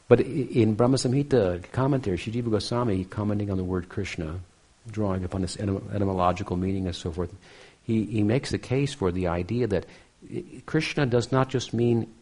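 A man with a deep, husky voice lectures on sacred texts. He speaks reflectively and keeps checking in with his listeners with a questioning "hmm?". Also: darkish tone. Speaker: spiritual teacher. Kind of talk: scripture lecture.

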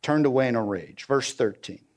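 Preaching with lively intonation at a normal speed, this man retells scripture verse by verse in casual slang. He asks the congregation questions, supplies the answers himself, and at times lowers his voice to a quiet hush for emphasis.

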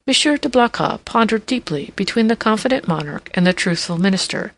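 Woman with a gravelly audiobook voice. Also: mid-range voice. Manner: steady, measured storytelling. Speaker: audiobook narrator. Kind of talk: audiobook narration of a classic novel.

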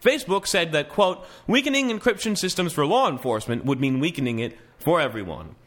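Bright, animated podcast host. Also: male voice, fairly high pitch, fairly quick. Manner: reads articles aloud with wry asides and frequent restarts. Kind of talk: casual news commentary podcast.

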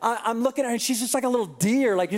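A man preaching a sermon, telling a funny story with quoted voices and lively asides. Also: very high voice, very fast, slight background noise. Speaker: pastor. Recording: reverberant hall.

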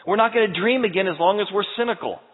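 A man preaching a sermon as pastor, moving between loud emphatic peaks and hushed, tender passages. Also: sits high, fast talker. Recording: tinny, echoey church hall recording.

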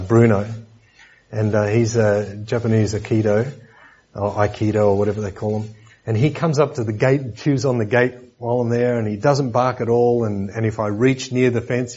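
A man's voice: on the low side, darkish tone, breathy edge, highs cut off. A man preaching a sermon lesson in a conversational way, with joking asides and repeated words.

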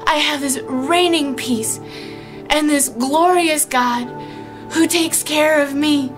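A woman's voice: high voice, slow. A woman sharing an emotional, exclamatory faith testimony, with music underneath. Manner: emotional, exclamatory, tearful at moments. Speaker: Christian speaker sharing testimony.

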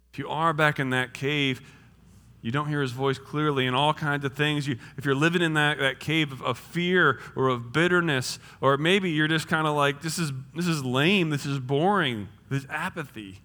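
Casual pastor, upbeat and joking, fairly high crisp voice, recorded in a reverberant church hall. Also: male voice, fairly even intonation, moderate pace. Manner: casual, humorous, swings from loud to hushed. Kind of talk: sermon.

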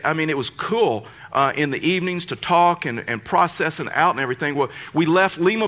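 A middle-aged man preaches with a bright, ringing voice that sits a bit high for a man. He tells his story with animated energy and often climbs higher in pitch to act out the people in it. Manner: animated, rising to excited high-pitched quoting. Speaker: pastor. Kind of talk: sermon with storytelling.

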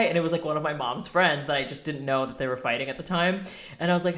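A New Yorker in casual chat, lively, laughing often and swearing. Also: mid-range voice, quick pace. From New York City. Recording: echoey room.

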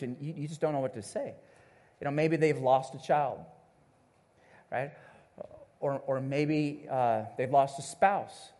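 A male pastor preaching a sermon to his congregation in a conversational way, calling out to the listeners and acting out the people he quotes. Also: a little high. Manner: animated, acts out the people he quotes. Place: church service before a congregation.

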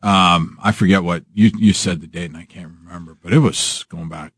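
A male bank executive, a guest in a studio interview, talking in an easygoing way that trails off quietly. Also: deep voice, fairly even intonation, fairly quick, husky, no echo. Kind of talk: casual interview. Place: radio studio.

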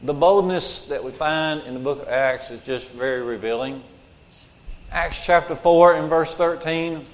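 A man's voice: on the high side, a little slow. A man preaching a sermon as pastor, emphatic and repeating his key lines for weight. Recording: long hall reverb.

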